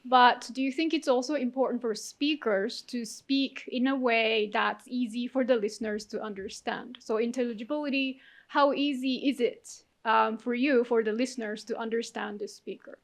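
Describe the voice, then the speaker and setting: A woman's voice: on the high side, steady tone, moderate pace. A woman judging a speech contest, asking questions and rephrasing them to explain. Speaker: contest judge. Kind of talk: judge's questions.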